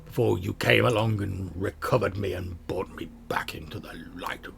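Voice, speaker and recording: A man voicing an ancient sentient sword that speaks in a hushed whisper, in a tabletop game. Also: deep voice, steady tone, normal speed, creaky, background noise. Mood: musing.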